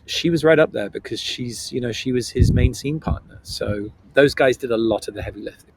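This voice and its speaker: A man's voice: mid-range voice, fairly quick, background noise. A middle-aged Welsh man with a Welsh accent, speaking as a guest actor in a podcast interview, earnest and reflective with playful storytelling. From Wales.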